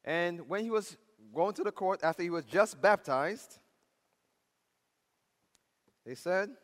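Preacher, man, high voice, fervent sermon delivery, recorded in a reverberant hall. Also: lively intonation, slow, long pauses. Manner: impassioned preaching, swinging from loud highs to near-whispers.

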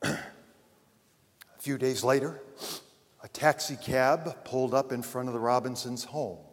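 A man preaching a sermon, telling a story and then addressing his congregation earnestly, rising loud and falling to a hush. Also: medium pitch, steady tone, slow pace. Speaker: pastor. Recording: long reverb of a large hall.

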